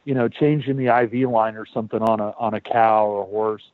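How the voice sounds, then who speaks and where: A man's voice: fairly low pitch, steady tone, brisk, no room sound. A man hosting a podcast, telling a story in a loose, chatty way, repeating words and swearing now and then. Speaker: podcast host. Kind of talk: casual storytelling. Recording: tinny phone-like dry sound.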